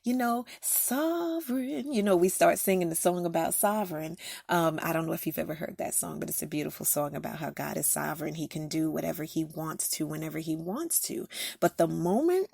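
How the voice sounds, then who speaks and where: Gravelly low-pitched woman sharing faith. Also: fairly quick, a little mellow, dry recording, clean studio sound. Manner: candid, personal, with frequent fillers. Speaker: podcast host giving encouragement. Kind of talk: casual faith-based monologue.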